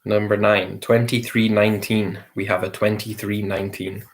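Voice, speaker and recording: A man's voice: on the low side, flat delivery. A man hosting a casual quiz, reading each question and repeating it. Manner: repeats questions slowly, with light chuckles. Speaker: quiz host.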